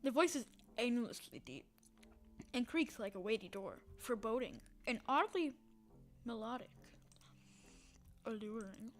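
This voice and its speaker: A woman with a fairly high voice narrates a text game aloud, giving the prose a dramatic reading. Now and then she drops into a whisper, and she breaks off between passages with quick spoken asides. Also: sing-song, faint music behind. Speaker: game streamer.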